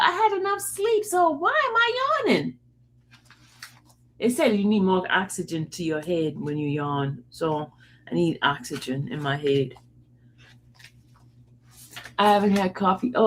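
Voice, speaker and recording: A woman's voice: mid-range voice, a little hiss or hum. A woman hosting a live stream in casual chat, joking, laughing often and talking to viewers in the chat by name. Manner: drawn-out yawns and sighs. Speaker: livestream host.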